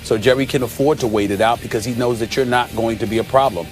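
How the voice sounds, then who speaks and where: A man's voice: medium pitch, steady tone, quick pace, faint music behind. A man hosting a sports debate show, arguing his points emphatically and listing them one after another with frequent uhs.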